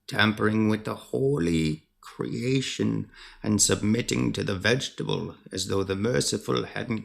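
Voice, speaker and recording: A man voicing a fearful male spy writing a secret letter, with a gravelly voice. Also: on the low side.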